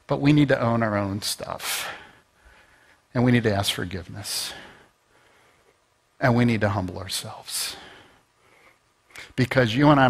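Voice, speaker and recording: A man's voice: lowish voice, gravelly, a bit bright, breathy edge. A man preaching a conversational sermon as pastor, rising to emphatic peaks. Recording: long reverb of a large hall.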